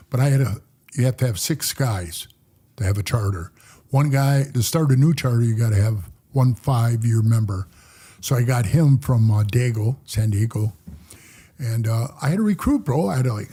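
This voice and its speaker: An older man with a husky, mellow voice tells stories in a casual podcast interview. He talks rough and profane and acts out each person in his tales. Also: mid-range voice, normal speed. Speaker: podcast guest, former motorcycle club president.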